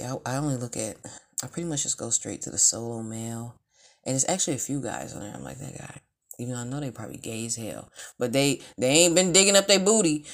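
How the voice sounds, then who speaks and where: A woman talking frankly in a casual monologue, rambling and profane, with blunt asides and bursts of mimicry. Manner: mimics sounds with shrill outbursts. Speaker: vlogger.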